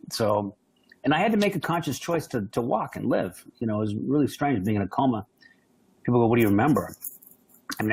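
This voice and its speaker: In a storytelling interview, a male guest with a lowish, slightly rough voice tells animated stories, acting out the voices of the people he quotes. The recording is low in quality.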